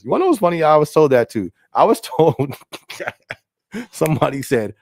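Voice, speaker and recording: A man's voice: mid-range voice, big pitch swings, normal speed, darkish tone, no room sound, studio quality. A man hosting a casual podcast stream, reading viewer comments aloud in a laid-back way and often checking in with "you know what I mean". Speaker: podcast host and rapper.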